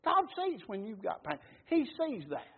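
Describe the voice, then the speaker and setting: High-voiced preacher on a tinny line. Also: male voice, very animated, normal speed, vocal fry. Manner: swings from quiet to near shouting. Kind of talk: sermon. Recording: tinny phone-line sound.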